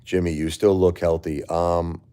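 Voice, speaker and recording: A grieving middle-aged man hosting a casual livestream, weary and emotionally drained, talking to viewers with halting, repeated words. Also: deep voice, level tone, warm tone, clear, resonant tone. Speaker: livestream host.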